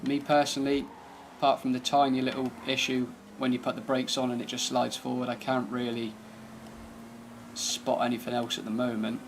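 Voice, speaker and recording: A man's voice: medium pitch, completely flat delivery, normal speed, slight background noise. A man giving casual, laid-back commentary over gameplay, thinking aloud as he drives and tests a car. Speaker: gaming channel host.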